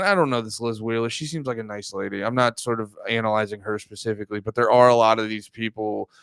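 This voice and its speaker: A young man, hosting a livestream and rambling through loud, profane casual commentary. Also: mid-range voice, clear, resonant tone, no room sound. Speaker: livestream host.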